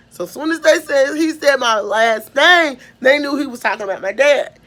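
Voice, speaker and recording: A woman with a Southern Mississippi accent tells a personal story, her voice sitting a little high. She rambles, restarts her sentences and trails off with filler sounds. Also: lively intonation, normal speed, fairly bright tone. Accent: Southern American (Mississippi). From Mississippi, USA. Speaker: vlogger.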